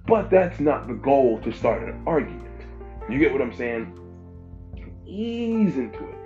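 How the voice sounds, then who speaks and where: Male pastor, mid-pitched, preaching informally with emphatic repetition; muffled recording, soft music underneath. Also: big pitch swings, normal speed. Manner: emphatic, repeats phrases for stress. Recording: dull lo-fi with faint music.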